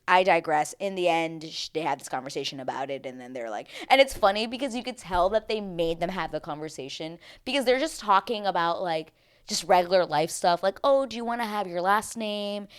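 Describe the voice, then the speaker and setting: A woman's voice: lowish voice, lively intonation, brisk, smooth. A woman vlogger giving a casual, opinionated recap of a reality show, chatty and emphatic, with slang and tangents.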